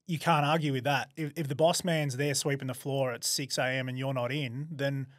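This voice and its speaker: A man with an Australian accent in casual podcast chat, blokey and agreeable, quick to back up his partner. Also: mid-range voice, steady tone, no echo, clean studio sound. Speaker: podcast co-host.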